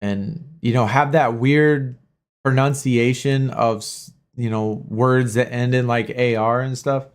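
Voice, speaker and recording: A man runs a mobile-game livestream, rambling along and talking back to his chat with the odd casual curse. His voice is medium-pitched and steady, and he speaks slowly.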